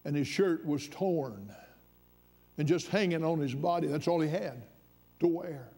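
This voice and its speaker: Male pastor, high voice, sermon storytelling that climbs to fervent emphasis. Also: unhurried, mellow, husky.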